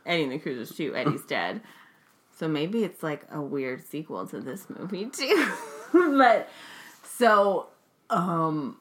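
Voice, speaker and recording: A woman's voice: low voice, very animated, slow pace. A woman co-hosting a casual movie-recap chat, giggly and rambling with many fillers. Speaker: podcast co-host.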